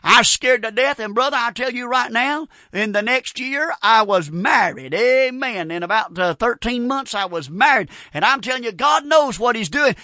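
High-voiced folksy male preacher. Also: normal speed, few pauses, dry recording, clean studio sound. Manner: folksy, repeats amen, animated storytelling. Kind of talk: folksy storytelling sermon.

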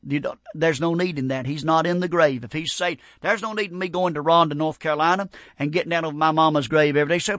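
High-voiced preacher, emphatic and folksy. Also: male voice, steady tone, fast, few pauses, no echo, studio quality. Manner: folksy, emphatic, swings from loud preaching to quiet personal remarks. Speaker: pastor. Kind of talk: sermon.

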